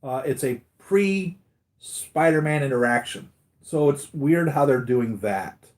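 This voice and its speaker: An enthusiastic man rambles through a live stream about his collection, his voice sitting at an ordinary middle pitch. He talks like a fan chatting with other fans, full of fillers and restarts. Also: animated, takes it slowly, darkish tone. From United States. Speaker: collectibles vlogger.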